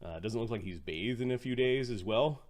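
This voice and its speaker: A man narrating as game master in a relaxed, hesitant way with many fillers. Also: mid-range voice, moderate pace.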